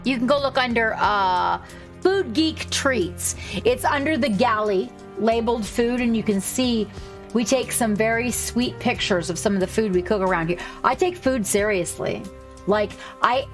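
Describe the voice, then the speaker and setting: Chatty woman from Hawaii, fairly high voice. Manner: chatty, rambling, quick to swear and laugh. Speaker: streamer. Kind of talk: casual chat with stream viewers while painting.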